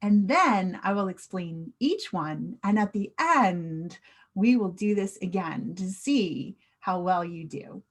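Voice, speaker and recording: An American woman teaches a slang lesson at an unhurried pace. Her pitch sits in the middle range. She explains carefully and keeps asking the viewer to guess and repeat. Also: animated. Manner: slow, clear teacher talk with questions to the viewer. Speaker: English teacher.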